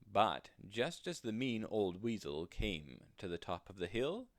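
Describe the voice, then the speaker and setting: Man reading a bedtime story, deep-ish voice, slow and really expressive, bouncy, dry close sound. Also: dry recording. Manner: expressive, sing-song storytelling. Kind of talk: children's storybook reading aloud.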